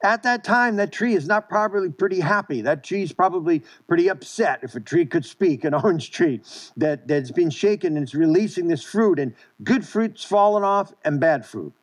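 An earnest male pastor delivering a sermon and a prayer. His voice sits a little high for a man. He often restarts and repeats words as he talks. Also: animated, moderate pace.

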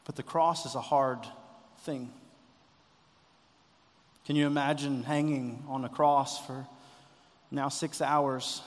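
A man preaching a sermon as pastor, impassioned, rising to loud cries when he voices a quoted prayer. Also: mid-range voice, steady tone, slow pace, pauses often, in a large hall.

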